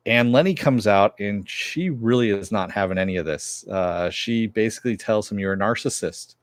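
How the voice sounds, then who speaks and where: A man's voice: on the low side, normal speed, no room sound, clean studio sound. A man casually recapping and reviewing a TV episode, rambling with many fillers as he retells the plot.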